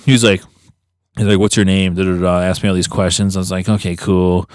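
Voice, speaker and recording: A man's voice: brisk, dry recording, studio quality. A man co-hosting a podcast, telling a long story in casual chat and acting out the voices he quotes. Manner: animated, acts out quotes with big pitch jumps. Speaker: podcast co-host.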